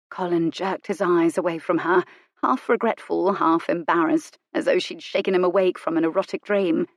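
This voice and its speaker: A woman narrating a romance audiobook with measured, wry storytelling. Her voice sits fairly low. The sound is dry and close, with no room in it. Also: a little mellow, no echo. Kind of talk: scripted narration.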